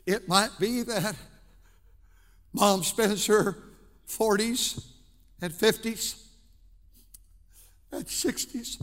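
A man preaching a sermon as pastor in a church, impassioned, swinging between hushed and shouting. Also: high voice, steady tone, slow pace, pauses often, long reverb tail. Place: church sanctuary.

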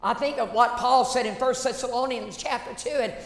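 High-voiced woman preaching in an echoey hall. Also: a little fast. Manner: emphatic, repeats phrases, call-and-response questions. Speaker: pastor. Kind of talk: sermon. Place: church sanctuary. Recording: echoey church hall reverb.

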